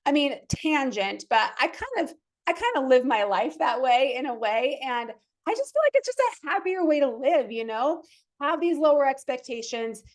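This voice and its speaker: A woman's voice: high voice, very animated, normal speed. A woman in her thirties hosting a fitness podcast, talking casually and enthusiastically and acting out the thoughts people have in their heads. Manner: chatty, enthusiastic, acts out her own inner thoughts. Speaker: fitness coach and podcast host. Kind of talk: casual motivational podcast talk.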